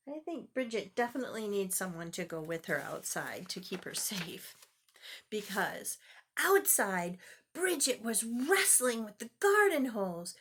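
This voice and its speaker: An older woman reading a picture book to children, with animated, exclaiming asides to the listener. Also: medium pitch, a little slow, slightly rough. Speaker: storyteller grandmother.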